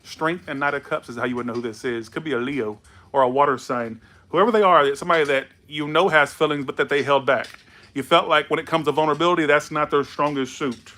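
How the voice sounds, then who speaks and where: A man's voice: on the high side, fast talker, bright, forceful tone. Tipsy, rambling man reading tarot. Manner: loose, rambling, tipsy and playful. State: tipsy from alcohol. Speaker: tarot reader.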